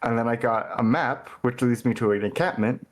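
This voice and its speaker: A man's voice: mid-range voice, brisk, rough recording. A man chatting casually, telling a laid-back, run-on story full of "and then". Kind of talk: casual chat.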